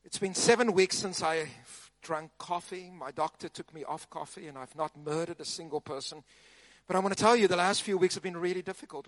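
A man preaching, his voice high and bright. He tells funny stories in an animated, lively way. The sound is dry and close. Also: a little fast, dry recording. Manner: animated, humorous storytelling. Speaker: pastor. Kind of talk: sermon.

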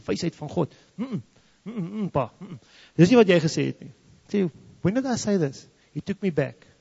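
A man's voice: fairly high pitch, vocal fry, dark tone, breathy edge. A man from South Africa's Free State with an Afrikaans South African accent, a native Afrikaans speaker, telling a story as a testimony and switching between English and Afrikaans. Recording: dull lo-fi sound in a reverberant hall.

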